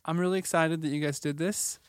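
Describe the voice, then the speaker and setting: A man's voice: on the high side, steady tone, fairly quick, clean tone, no echo, clean studio sound. A man from Southwest Missouri hosting a podcast, rambling and joking with guests. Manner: rambling, jokey, laughs often. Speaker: podcast host. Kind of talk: casual interview chat.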